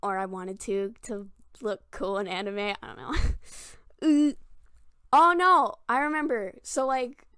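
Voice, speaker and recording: A woman's voice: medium pitch, fairly even intonation, a little slow, smooth, no room sound. Chatty self-mocking young woman, dry close sound. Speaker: vlogger. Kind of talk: casual storytelling to camera.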